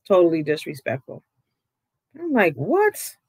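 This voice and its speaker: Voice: mid-range voice, moderate pace, fairly bright tone, no room sound. A vlogger giving outspoken, casual commentary, swearing freely, with the voice jumping up when riled.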